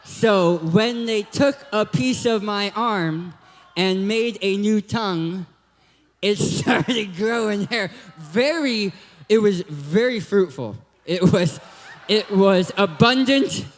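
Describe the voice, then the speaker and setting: A man's voice: sits high, takes it slowly, in a large hall. A young man from Southern California with a lisping, cartoon-like voice gives a hyper, joking youth talk at a church. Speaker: guest speaker.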